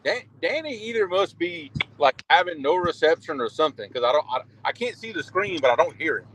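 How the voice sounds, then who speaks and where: A man with a South Louisiana accent chatting casually on a fishing livestream call from a loud truck, easygoing and often restarting his words. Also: fairly high pitch, expressive, fairly quick, poor audio. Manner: easygoing, chuckles often, repeats words as he starts. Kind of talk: casual chat.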